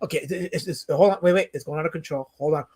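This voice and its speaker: A livestream host with a voice on the high side, a little mellow and slightly rough, bantering casually with his audience. He talks fast and restlessly, launching into indignant, mock-outraged rants and answering the chat.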